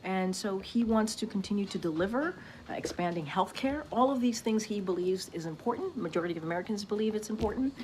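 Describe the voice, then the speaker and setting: A woman answers reporters at a press briefing, measured and hedging, with frequent fillers. Her voice sits at a middle pitch for a woman, and faint noise is heard behind it. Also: expressive, darkish tone.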